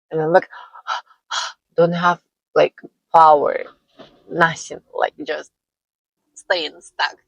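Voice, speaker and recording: A woman speaking English as a second language tells a personal story in a slow, halting way, often laughing between phrases. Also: low-pitched, flat delivery, creaky, no echo, rough recording. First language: not English. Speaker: vlogger.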